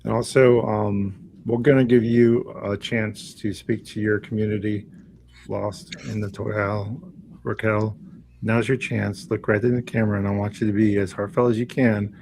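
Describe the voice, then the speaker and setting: A man's voice: on the low side, little pitch movement, moderate pace, vocal fry, darkish tone, a little hiss or hum, poor audio. A man hosting a reseller podcast, guiding guests in a laid-back, friendly way. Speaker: podcast host. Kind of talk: casual chat.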